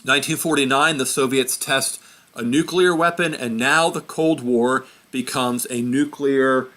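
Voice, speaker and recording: A man's voice: medium pitch, steady tone, unhurried, pushed and bright. A man giving an informal history lesson, chatty and self-correcting as he points at a map. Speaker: history teacher.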